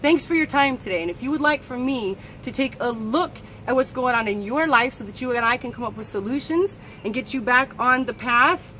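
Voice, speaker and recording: A woman coach tells a story in a lively, animated way, slipping into the voices of the people in it. Her voice sits a little high, and faint traffic hums behind her. She talks casually and loosely. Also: fairly quick, hardly any pauses, low-quality recording. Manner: animated, acts out quoted voices. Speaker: well-being coach.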